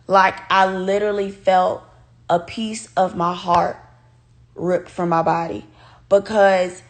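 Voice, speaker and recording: In a casual storytime vlog, a young woman with a fairly low voice shares a personal story directly with her viewers. She's animated and swears freely.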